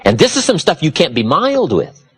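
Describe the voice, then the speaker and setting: Male motivational speaker, husky, very animated pitch, preacherly emphasis. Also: moderate pace. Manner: preacherly, dramatic swings from low confiding to loud emphatic. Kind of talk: motivational seminar talk.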